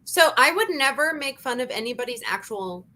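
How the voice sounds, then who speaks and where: High-pitched woman with a bright voice, ranting emphatically in a casual review chat. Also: fairly quick. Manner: animated, emphatic ranting with frequent repeats. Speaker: channel host.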